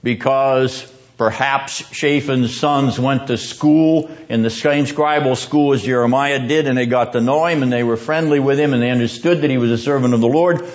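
A man's voice: medium pitch, fairly even intonation, normal speed, highs cut off. A man teaching a seminary class on the Bible, quizzing his students and driving points home by repeating them.

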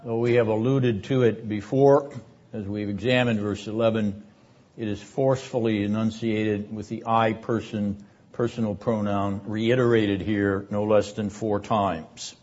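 An older man teaching a seminary class on scripture in a measured, deliberate lecture style. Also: fairly low pitch, steady tone, darkish tone. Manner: measured, deliberate delivery, rising in force for quoted verses. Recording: dull lo-fi lecture recording.

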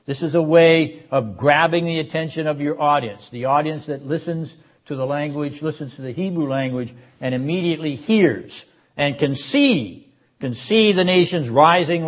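An older man teaching a seminary class on a biblical prophet, speaking in a measured, emphatic way and sounding out Hebrew words. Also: on the high side, lo-fi sound. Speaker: seminary lecturer. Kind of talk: classroom Bible lecture.

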